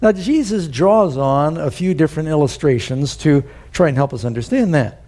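Preacher guy, mellow and warmish, tells homey stories in his sermon, leans into big points. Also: a little high, expressive, normal speed. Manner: folksy storytelling with rising emphasis. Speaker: pastor.

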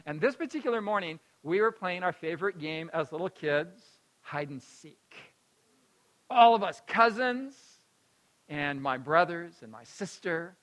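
Man, personal storytelling, high voice, bright and forceful, animated, laughs often, moves between loud and hushed. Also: poor audio.

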